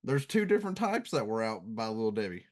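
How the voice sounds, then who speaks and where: A man's voice: on the low side, big pitch swings, fast talker. Chuckling man with wisecracks. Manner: wisecracking, chuckling, rambling explanations. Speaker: podcast co-host. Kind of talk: casual comedic chat.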